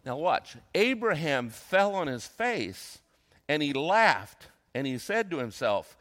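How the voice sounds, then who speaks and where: An older man, a retired senior pastor, preaching a sermon, reading scripture slowly and acting out quotes between casual comments. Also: on the high side, sing-song, a bit bright. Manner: reads scripture slowly, then comments conversationally with dramatized quotes.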